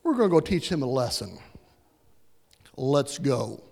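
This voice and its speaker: A man's voice: mid-range voice, big pitch swings, unhurried, creaky, darkish tone, in a large hall, heavily acted. A man doing a casual, slangy warrior king. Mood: rallying.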